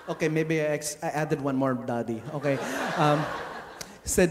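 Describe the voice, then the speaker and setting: A man's voice: a little high, normal speed, noisy background. Man doing stand-up, laughing through it. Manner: laughing, breaking character. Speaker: stand-up comedian. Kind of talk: stand-up comedy. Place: comedy stage before a live crowd. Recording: echoey live stage, loud audience laughter.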